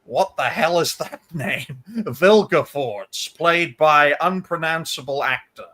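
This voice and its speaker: A man co-hosting a casual livestream panel over a video call, teasing the others and reading text aloud haltingly. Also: on the high side, pushed and bright. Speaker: co-host.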